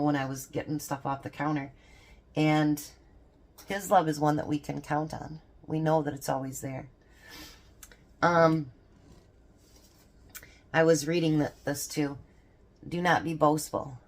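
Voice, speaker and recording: Older woman, grandmother type, low voice, rambling casual devotional chat with frequent laughs. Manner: rambling, chatty, laughs often. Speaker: homestead vlogger.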